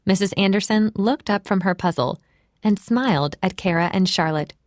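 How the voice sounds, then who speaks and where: A woman narrating an audiobook in a gentle, expressive way. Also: mid-range voice, normal speed, no echo. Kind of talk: scripted narration. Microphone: close studio mic.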